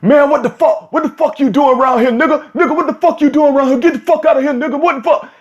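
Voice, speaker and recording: Brief: man acting out an enraged young man caught in a car, high-pitched, cursing, yelling. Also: fast, dull audio. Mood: furious.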